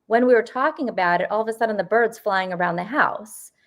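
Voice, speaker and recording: A woman in her fifties from the US Northeast, a paranormal investigator telling stories in a casual interview, rambling with lots of fillers and quick laughs. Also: medium pitch. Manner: rambling, full of "you know" and "like", laughs often.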